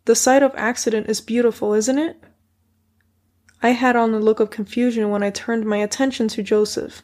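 A woman reading a children's story as an audiobook in a steady first-person narration. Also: fairly high pitch, moderate pace. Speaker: audiobook reader.

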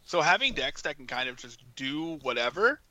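Rambling man with a sharp, dry voice. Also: on the high side, sing-song, normal speed, no echo, poor audio. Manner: rambling, full of "like" and "you know" fillers. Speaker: podcast co-host. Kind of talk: casual podcast chat.

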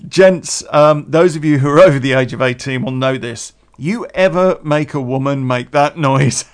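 A podcast host with a voice on the high side, speaking at normal speed, rambles through a solo episode of casual chat. He chuckles a lot and swears freely.

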